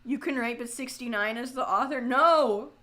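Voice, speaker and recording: A woman with a fairly high voice chats with her live-stream viewers as she paints a pumpkin. She talks in a loose, self-mocking way, swears freely, and now and then bursts into loud, frustrated outcries. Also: fairly even intonation, a little fast.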